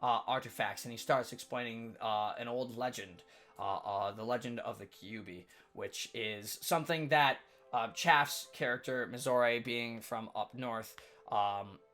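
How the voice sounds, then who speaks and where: A man, the dungeon master, casually recapping a tabletop game session in a rambling, animated way. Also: medium pitch, unhurried, faint music behind. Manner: rambling, many fillers and restarts, animated.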